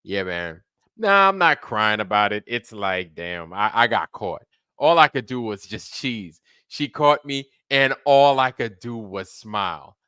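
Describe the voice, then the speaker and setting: A man's voice: on the low side, sing-song, measured pace, bright, forceful tone, clean tone, dry recording, studio quality. A man hosting a late-night livestream, rambling casually and profanely while answering viewers in the chat. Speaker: livestream host.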